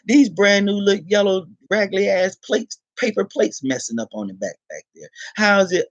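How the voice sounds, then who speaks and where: A man's voice: high voice, lively intonation, moderate pace, hardly any pauses, no echo, muffled recording. A man ranting angrily to the camera, swearing heavily and repeating himself. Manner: heated, profane, repeats himself. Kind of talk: angry rant to camera.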